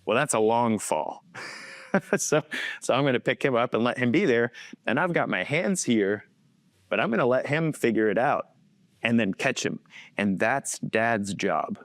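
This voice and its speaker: Recorded in a studio with no echo, this thirties-aged faith-based coach speaks in an animated mid-range voice at a moderate pace. As a conversation guest, he tells personal stories earnestly and chuckles frequently.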